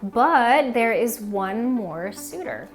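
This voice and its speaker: A woman's voice: fairly high pitch, animated, slow, soft background music. A woman reading teacher casually explaining a picture book, talking in a chatty way with lots of "um" and "like". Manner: chatty, many fillers like "um" and "like".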